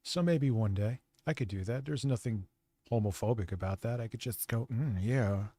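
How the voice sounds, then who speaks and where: A man hosting a livestream, ranting and mocking in a profane, rapid commentary. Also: medium pitch, dark tone, no echo. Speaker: streamer host.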